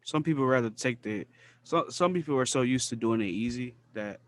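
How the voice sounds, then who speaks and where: A man co-hosting a podcast, speaking earnestly in casual talk, searching for words and slowing down on key phrases. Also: mid-range voice, no echo. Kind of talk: casual conversation.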